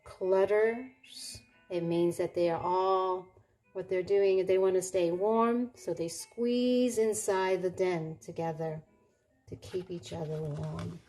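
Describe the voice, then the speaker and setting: A woman reading a picture book aloud, stopping to explain words simply with pauses and fillers. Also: on the low side, fairly even intonation, dark tone, soft background music. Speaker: storybook reader.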